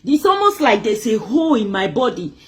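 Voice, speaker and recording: Speaking briskly in a fairly high voice that swings widely in pitch, this woman from Nigeria recounts her own story with dramatic flair. It's an emotional testimony in which she imitates the voices of others.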